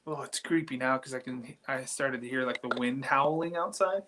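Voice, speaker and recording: A man talking as a guest paranormal investigator on a live show, rambling and excitable as he tells stories from inside an old building at night. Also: medium pitch, normal speed, slight background noise. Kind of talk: casual live chat from an investigation site.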